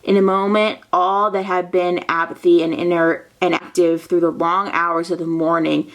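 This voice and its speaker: Her pitch sits on the low side and her pace is moderate. She's a woman narrating history casually, reading old newspaper passages and drifting into excited tangents, playful pretend exchanges and quiet whispers.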